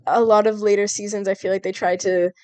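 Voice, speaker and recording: A young woman in casual chat about a cartoon series, blunt and teasing, talking with lots of filler and quick jokes. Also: medium pitch, clean tone, no room sound. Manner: animated, blunt, teasing with frequent laughs. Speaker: co-host discussing a cartoon series.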